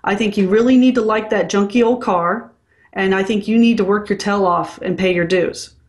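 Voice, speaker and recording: A woman's voice: medium pitch, moderate pace. A woman working as a dental consultant, speaking frankly and bluntly in a casual interview.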